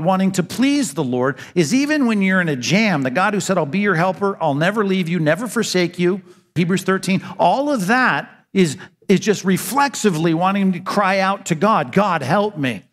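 A man's voice: a little high, a bit bright, big-room sound. A man preaching a sermon as pastor, earnest and emphatic, asking rhetorical questions and answering them.

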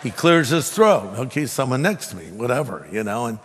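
A male pastor delivering a sermon, telling a story and acting out the dialogue with animated swings in his voice. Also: brisk, husky, in a large hall. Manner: animated, acts out dialogue with rising pitch.

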